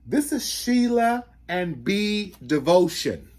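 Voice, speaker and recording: An excitable man hosts a casual record show-and-tell, chatting straight to his viewers. His voice leaps around with lively ups and downs, yet he takes his time over every sentence. He is the kind of talker who slips into falsetto when a song grabs him. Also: slow. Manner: excitable, breaks into falsetto singing; chatty, addresses viewers directly. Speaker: record collector host.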